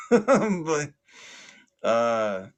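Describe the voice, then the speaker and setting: A man's voice: a little high, sing-song, very slow. A man hosting a podcast, telling a long story in a casual, rambling way, with many fillers and restarts and plenty of swearing. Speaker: podcast host.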